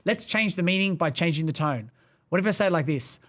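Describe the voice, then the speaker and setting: A man's voice: on the high side, lively intonation, fairly quick, a bit bright. A man co-hosting a podcast, talking with passion and emphasis. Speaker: podcast co-host. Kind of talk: casual podcast discussion.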